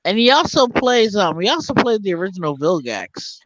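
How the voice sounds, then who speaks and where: A man's voice: high voice, very animated, moderate pace, fairly bright tone, no echo. A man chatting casually on a gaming podcast, rambling with many restarts. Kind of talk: casual chat. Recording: dull lo-fi dry mic.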